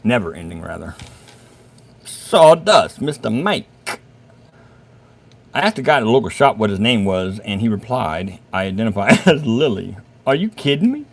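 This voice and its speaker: A middle-aged man, hosting a casual live chat. He swears freely and laughs loudly at his own jokes. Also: mid-range voice, very animated, moderate pace, vocal fry, long pauses. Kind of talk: casual livestream chat reading comments.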